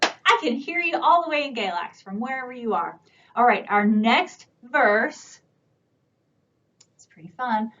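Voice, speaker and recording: A woman librarian leads a children's storytime at a slow, gentle pace, coaxing little listeners with questions. Her voice sits fairly high. The camera audio is dull and lo-fi with a faint hiss behind. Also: expressive. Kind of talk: virtual children's storytime reading. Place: library room, indoors. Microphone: camera on a stand.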